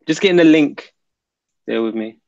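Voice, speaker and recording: A man's voice: fairly high pitch, lively intonation, moderate pace, gravelly, darkish tone, dry recording. A man hosting a casual livestream, chatting and muttering to himself as he reads comments and sets up links. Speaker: livestream host. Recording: dull lo-fi dry sound.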